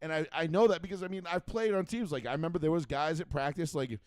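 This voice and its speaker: A man's voice: a little high, fast talker, no echo, clean studio sound. A man co-hosting a casual sports talk show, telling profane stories and acting out the quotes. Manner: profane, storytelling with acted-out quotes. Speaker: podcast co-host.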